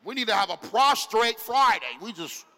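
A middle-aged man preaching a sermon, animated and slang-filled, calling out to the congregation in a church. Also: high-pitched, moderate pace, in a large hall. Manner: casual slang-filled delivery. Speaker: pastor. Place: church sanctuary.

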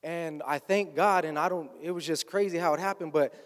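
Heard through long hall reverb, a guest with a fairly high voice talks fairly quickly about his own history. His storytelling is conversational, and he frequently breaks into lines of quoted speech.

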